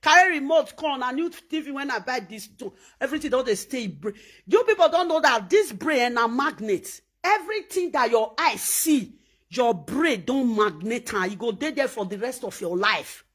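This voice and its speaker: Woman, Nigerian Pidgin accent, high voice, emphatic, preachy, repeats herself, vlog monologue. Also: animated, moderate pace, a bit bright. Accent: Nigerian Pidgin English. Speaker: vlogger. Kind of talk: animated monologue.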